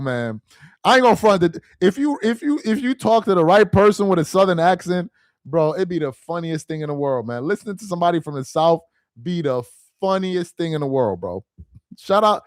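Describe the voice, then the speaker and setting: A man's voice: high-pitched, dry recording, clean studio sound. A man hosting a casual sports talk live stream, reading chat aloud in a loose, slangy, rambling way, ending lines with "man" and "bro".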